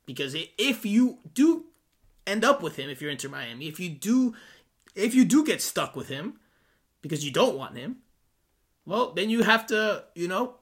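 Bright, animated man talking sports. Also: sits high, normal speed, husky. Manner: animated and sarcastic, with sudden rises. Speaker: podcast co-host. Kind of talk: casual sports podcast chat.

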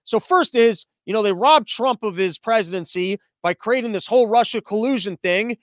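A man's voice: high-pitched, moderate pace, no echo, clean studio sound. A man hosting a satirical news podcast, talking in a sarcastic, rambling, mock-serious way. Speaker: podcast host.

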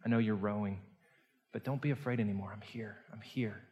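A man voicing a gentle, reassuring divine figure in a soft, hushed way during a sermon. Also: on the low side, fairly even intonation, brisk, lightly acted. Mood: tender.

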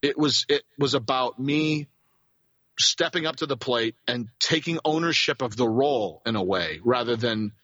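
A man who works as a voice actor, telling a rambling, animated story as a guest in a casual interview. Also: mid-range voice, normal speed, no room sound, highs cut off.

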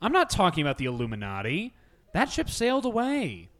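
A man's voice: high voice, wildly swooping pitch, fairly quick, fairly bright tone, full character voice. A man playing a laid-back male record producer who talks in slang and coaxes an artist, in a comedy sketch. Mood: coaxing.

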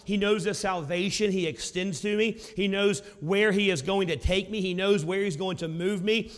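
A male pastor preaching a sermon, with a loud, carrying voice that swings from booming to hushed. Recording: long hall reverb.

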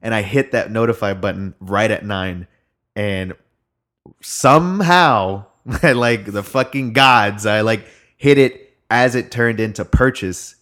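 Young man, casual chat, lowish voice, rambling, swearing, lots of fillers. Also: takes it slowly, fairly bright tone. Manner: rambling storytelling, heavy swearing, frequent fillers.

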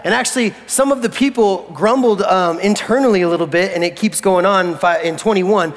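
A man preaching a sermon in a church hall, animated and jokey, acting out the people in his story. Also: high voice, a little fast, hardly any pauses. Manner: animated, jokey, acts out voices of characters. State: recovering from flu. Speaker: pastor. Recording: long hall reverb.

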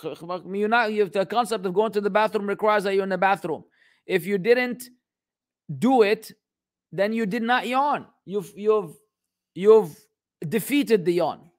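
A man's voice: high-pitched, measured pace. A man hosting a casual question-and-answer session, blunt and exasperated, joking around and dropping Arabic phrases into his talk. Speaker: host answering viewer questions. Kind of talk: casual live Q and A.

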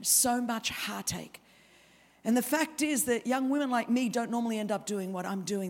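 An Australian woman in her fifties preaching a sermon, telling her own story with lively humorous asides. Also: mid-range voice, slight background noise. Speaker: guest preacher. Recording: reverberant hall.

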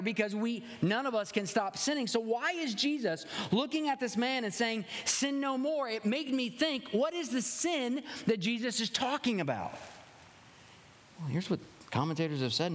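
A male pastor giving a conversational sermon with animated, wry asides. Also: high voice. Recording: long hall reverb.

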